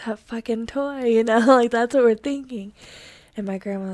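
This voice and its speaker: A woman's voice: on the high side, unhurried, a little mellow, no room sound. A young woman, hosting and telling a story casually, full of fillers, often dropping to a whisper for suspense. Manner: chatty, lots of fillers, drops to a whisper for suspense. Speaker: host.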